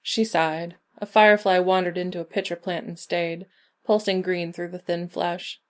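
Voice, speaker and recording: A woman narrating a short story in a measured, even reading. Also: lowish voice. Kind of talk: scripted narration.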